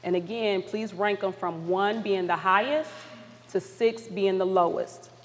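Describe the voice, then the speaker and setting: Speaking a little slowly at a medium pitch, this woman facilitator guides a community summit audience through polling questions. Her manner is upbeat and encouraging, turning apologetic when she gets flustered. Long hall reverb fills the large conference room.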